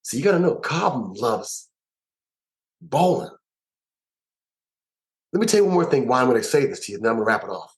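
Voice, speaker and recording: Man, guest musician, interview storytelling, medium pitch, emphatic, animated. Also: a little fast, pauses often, low-quality recording. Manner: animated, emphatic, repeats words as he tells stories.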